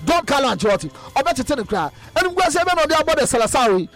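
A man presenting an animated football news roundup, excitable, repeating phrases in chanting bursts and mixing in English words. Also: very high voice, rapid-fire, faint music behind.

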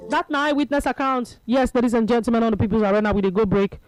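A man's voice: very high voice, quick pace, no room sound, soft background music, rough recording. A man with a Nigerian Pidgin accent hosting a call-in radio talk show, chatting and reading out listeners' texts. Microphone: studio microphone.

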